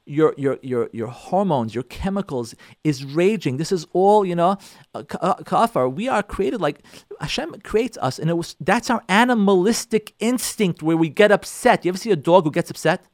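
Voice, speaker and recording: A man's voice: high-pitched, animated, moderate pace, no echo, studio quality. A man, a rabbi, giving an emphatic, repetitive talk on letting go in marriage, acting out spouses' quarrels. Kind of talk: sermon-style talk on relationships.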